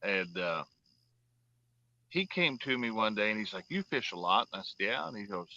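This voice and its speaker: Rambling and drawling, this fishing show host tells long stories full of filler words as he chats casually on the water. His fairly low voice is animated, pushed and bright, at a moderate pace. The recording is dry, with the high frequencies cut off.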